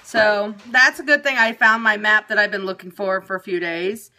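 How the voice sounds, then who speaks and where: A woman's voice: medium pitch, fairly even intonation, normal speed, sharp tone, slight background noise. A woman venting casually and profanely to viewers on a phone livestream. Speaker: periscope broadcaster. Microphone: phone camera.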